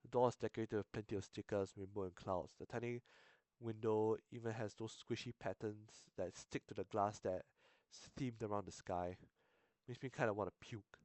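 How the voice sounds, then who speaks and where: A man's voice: fairly low pitch, fairly even intonation, a little mellow, no echo. A young man reading a visual novel aloud on stream, swearing, stumbling and restarting lines. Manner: sweary, halting, self-interrupting. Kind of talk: casual game reading with asides.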